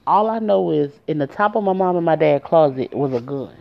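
A woman's voice: sits low, lively intonation, a little fast, vocal fry. A young adult woman telling a personal story to her viewers in a casual, emphatic way, cursing and addressing them directly. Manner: emphatic, profane, talks straight to viewers. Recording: dull lo-fi audio.

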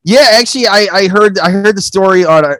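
A man's voice: sits high, fairly quick, dry recording. A man co-hosting a podcast, cracking profane jokes in casual banter. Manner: joking, profane, deadpan asides. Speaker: podcast co-host.

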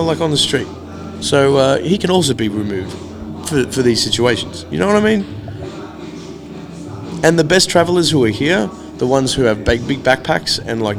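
Gravelly man telling a grumpy travel story. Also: mid-range voice. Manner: animated, swearing, acts out quoted exchanges. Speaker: traveler staying at a hostel. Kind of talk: casual storytelling.

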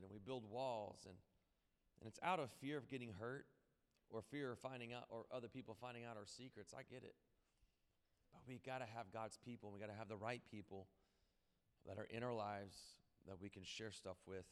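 A man's voice: fairly low pitch, smooth. A man preaching a sermon in a casual, conversational way, often repeating and restarting words as his energy builds. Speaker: pastor. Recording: long hall reverb with faint music behind.

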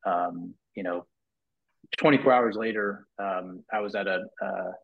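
On a podcast, a business owner guest recounts his story in an unhurried, gravelly voice, casual and animated, with plenty of restarts and "you know"s. When he acts out others' words his voice climbs high, all in muffled lo-fi audio.

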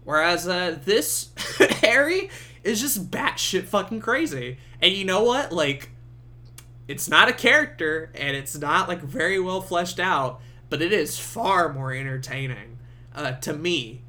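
A man's voice: a little high, unhurried. A young man hosting a podcast, giving a casual movie review full of swearing and laughter. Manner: swearing, laughing, animated storytelling. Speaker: podcast host.

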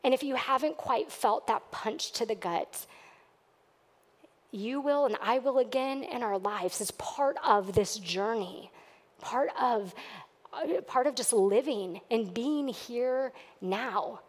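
A woman's voice: fairly high pitch, slow, long reverb tail. A woman pastor preaching a sermon to her church, earnest and at times emphatic. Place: church sanctuary.

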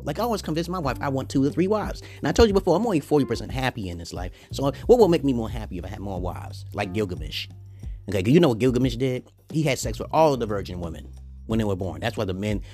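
Boastful man rambling fast, swooping pitch. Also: darkish tone. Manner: crude and boastful, constant "okay?" tags. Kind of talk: rambling monologue to viewers.

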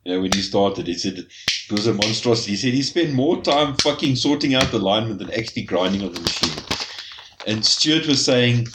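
Dude telling grinder stories, swears, voice goes up and down a lot, slight hiss behind. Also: male voice, fairly low pitch, animated, a little fast. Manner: storytelling with swearing and laughs. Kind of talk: casual chat.

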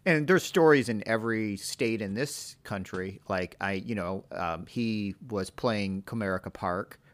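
A man's voice: on the low side, unhurried, no echo. A man hosting a podcast, chatting casually in a rambling way, leaning heavily on fillers. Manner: rambling, heavy on "you know" fillers. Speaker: podcast host. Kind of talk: casual interview chat.

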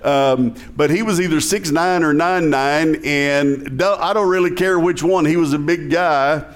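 A man's voice: on the high side, a little slow. Man with a Southern lilt preaching a sermon. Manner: conversational preaching, chuckles, asks the congregation questions. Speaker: pastor.

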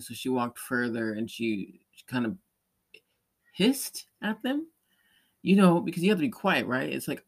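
A man's voice: mid-range voice, a bit bright. A man hosting a podcast, telling a rambling story in casual chat, with many restarts and light laughs. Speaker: podcast host; parent or caregiver.

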